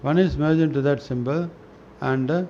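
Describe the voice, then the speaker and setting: A man reading spiritual scripture aloud in a slow, halting way, often restarting words and clearing his throat. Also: on the high side, dark tone. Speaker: reader of a spiritual newsletter. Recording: dull lo-fi recording with faint noise.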